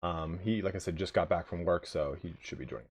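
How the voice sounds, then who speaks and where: A man's voice: low voice, a little fast. A man hosting a live stream, chatting casually with viewers in a joking, profane way. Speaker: livestream host of a game league.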